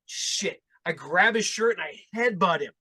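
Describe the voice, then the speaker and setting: A middle-aged man hosting a podcast, telling rambling, animated stories in casual chat and laughing along. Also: sits high, moderate pace, husky. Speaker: podcast host.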